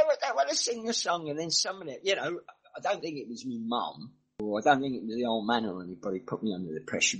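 Middle-aged man, mixed English accent, husky, rambling casual storyteller. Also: fairly high pitch, a bit bright, rough recording. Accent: mixed northern and southern English. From English Midlands. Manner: rambling, chatty storytelling with asides. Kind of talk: casual chat.

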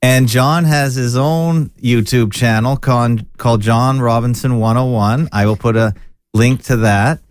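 A man's voice: mid-range voice, unhurried, clear, resonant tone, no echo, studio quality. A man from Ontario hosting an online talk show, introducing his guests in a loose, chatty way with restarts. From Ontario, Canada. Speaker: show host.

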